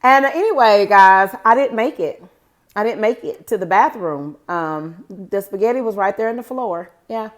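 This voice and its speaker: An expressive, medium-pitched woman in her forties speaks at a normal speed in a casual storytime video. She rambles chattily about her own life and frequently addresses her audience as "guys."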